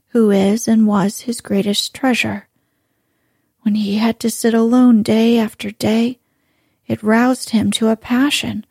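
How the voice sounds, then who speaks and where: Kind old grandmother read by a woman, whispered role-play, slow and breathy. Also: medium pitch, dry recording, clean studio sound. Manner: soft, kindly, coaxing.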